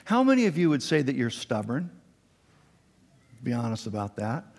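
A male pastor preaching a sermon, animated and acting out the quotes with a raised voice. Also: normal speed. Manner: animated, acts out quotes with raised pitch and volume. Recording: long reverb in a large hall.

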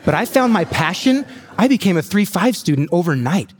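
A man in his forties, a pastor telling his testimony in a sermon, with self-deprecating humor and lively asides. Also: high-pitched, brisk, husky.

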